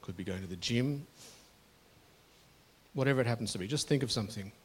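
A man's voice: medium pitch, brisk, slightly rough. A middle-aged man preaching a sermon to his congregation in an earnest, conversational way, often restarting his phrases. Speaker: pastor.

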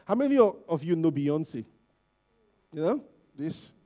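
In an unhurried, relaxed sermon, a lay preacher addresses the congregation as if in conversation, his somewhat high voice sounding mellow and warm. Animated and informal, he keeps checking in with "you know" and "okay?", building loud for emphasis and fading low afterward.

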